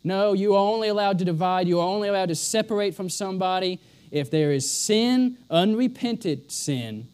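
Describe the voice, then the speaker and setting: Male preacher, high-pitched voice, emphatic and repetitive delivery, sermon style. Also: animated, moderate pace, darkish tone, clear, resonant tone. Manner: emphatic, repeats lines for stress.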